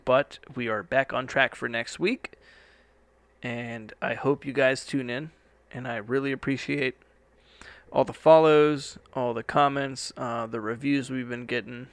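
A man's voice: medium pitch, steady tone, measured pace, creaky, no room sound. A young man hosting a podcast from a studio, rambling casually and swearing now and then. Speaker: podcast host. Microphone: studio microphone.

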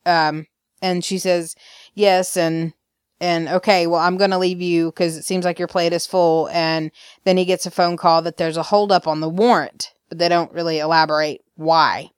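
A woman's voice: on the low side, clean tone, no echo, clean studio sound. Chatty Southern woman recapping a soap. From Alabama. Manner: chatty, laughing, acts out quotes. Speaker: podcast host. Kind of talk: casual recap chat.

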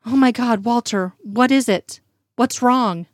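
A woman's voice: medium pitch, steady tone, measured pace, dry recording, studio quality, close to an everyday voice. A woman reading a worried, insistent partner. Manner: concerned and insistent.

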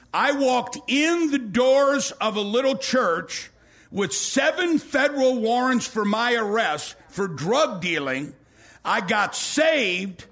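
Male pastor, high voice, animated storytelling sermon, shouts at peaks. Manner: storytelling, acts out quoted voices, rises to shouting.

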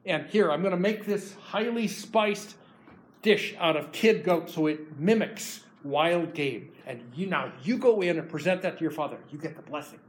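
A scheming mother quietly pressing her son with orders, as a man puts her on. She speaks in a hushed, urgent way, in a slightly high voice. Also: moderate pace, natural voice.

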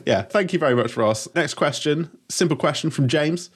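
A man's voice: fairly high pitch, lively intonation, moderate pace, slightly rough. A British man co-hosting a podcast, reading listener questions in a wry, casual way. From Britain. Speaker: podcast co-host. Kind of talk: casual chat.

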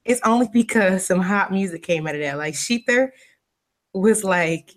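A woman co-hosting a podcast, telling stories in an animated, casual way with laughter. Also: medium pitch, moderate pace. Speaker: podcast co-host. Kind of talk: casual chat.

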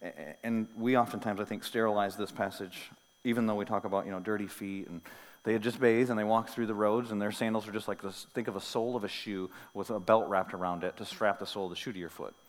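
A male pastor giving a sermon, moving between hushed, intimate lines and loud, emphatic ones, with casual asides and light humor. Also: lowish voice, fast talker, big-room sound. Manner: animated preaching, swinging from soft to loud. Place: church sanctuary.

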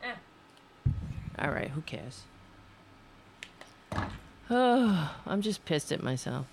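A woman's voice: on the low side, very animated, slow, gravelly, background noise. A woman hosting a casual livestream, rambling, swearing and scolding herself. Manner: profane, self-scolding, rambling. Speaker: livestream host.

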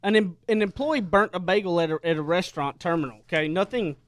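A man with a fairly high voice hosts a casual radio talk show. He talks in a chatty, emphatic way. The studio sound is dry and close. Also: fast, dry recording.

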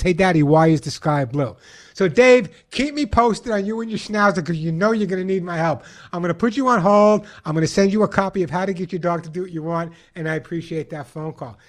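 A man with a New York accent hosting a call-in radio show, giving animated pet advice and acting out commands. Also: high-pitched. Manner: animated, acts out dog commands. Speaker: radio host and pet behaviorist.

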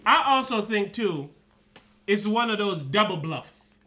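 A man co-hosting a podcast in casual chat, laughing and adding quick asides. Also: high-pitched, expressive, sharp tone. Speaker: podcast co-host.

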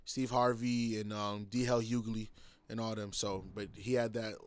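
A man's voice: lowish voice, flat delivery, moderate pace, smooth. Playful, laughing man in a podcast chat. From Boston. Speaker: podcast guest, comedian. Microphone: studio mic.

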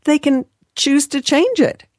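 A woman's voice: high voice, expressive, measured pace, darkish tone, no echo, clean studio sound. A woman hosting an interview, praising her guest and prompting her for stories. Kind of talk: conversational interview.

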